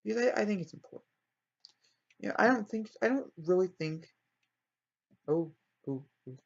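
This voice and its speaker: A man's voice: high voice, expressive, normal speed, creaky. A man casually narrating a story he builds in a life-simulation game, rambling and often correcting himself, on a dull lo-fi recording. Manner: rambling, self-correcting, apologetic. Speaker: let's play storyteller.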